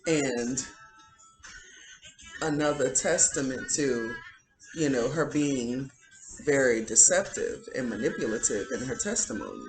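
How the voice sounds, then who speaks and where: A woman talks slowly and loosely in a casual vlog monologue, leaning on fillers as she voices her indignation. Soft music plays faintly behind her. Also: a bass voice, animated, poor audio. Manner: chatty, filler-heavy, indignant. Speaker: spiritual vlogger.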